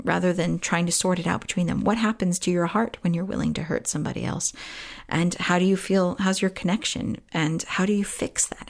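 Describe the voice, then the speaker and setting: A woman hosting a podcast, answering a parent's question with earnest, encouraging advice, pausing often to think. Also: lowish voice, creaky. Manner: earnest, encouraging, with thoughtful pauses and fillers. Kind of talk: warm casual advice talk.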